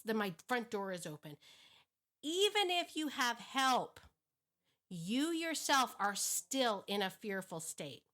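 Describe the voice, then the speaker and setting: A woman dog trainer talking through a lesson in a casual, animated way, laughing often and restarting her sentences. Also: medium pitch. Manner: animated, acts out inner thoughts, laughs often; frequent restarts and repeated words. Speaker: dog trainer, show host. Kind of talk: casual teaching monologue.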